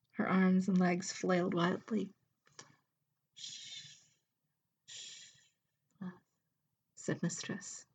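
A woman narrating an intimate audio story in a soft, breathy voice that drifts into whispers. She reads slowly and evenly, keeping her pitch level with little movement. The delivery is hushed and close throughout. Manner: soft, slow, often whispered.

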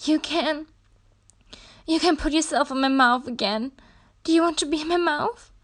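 A woman voicing a proud, defiant young captive princess in an adult audio role-play, breathy and gasping as she pleads. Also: sits high, moderate pace, a bit bright. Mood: pleading.

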